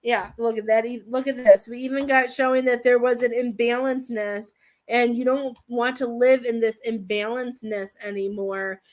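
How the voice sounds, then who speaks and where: She has a darkish tone in a voice on the high side, with fairly even intonation and a moderate pace. As a medium doing a live-stream tarot reading, she rambles and hesitates, says "I feel like" a lot, and at times is emotional to the point of tears.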